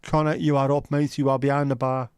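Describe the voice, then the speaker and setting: A man's voice: mid-range voice, level tone, brisk, a little mellow, smooth, dry recording, clean studio sound. A man hosting a livestream, chatting casually with his viewers in banter full of swearing. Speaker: livestream host. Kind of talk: casual chat with live viewers.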